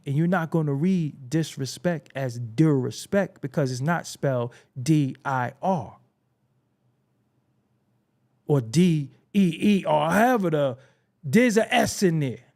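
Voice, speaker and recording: A show host from Brooklyn, New York, delivers a casual commentary monologue in a Brooklyn accent, blunt and preachy, swearing freely. His voice is fairly high-pitched and a little mellow.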